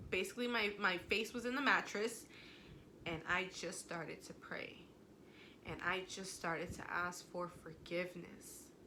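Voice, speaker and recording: A woman's voice: lowish voice, bright, forceful tone, a little hiss or hum. A young woman telling viewers a personal faith story at home, emotional and conversational, speaking to them directly. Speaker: vlogger.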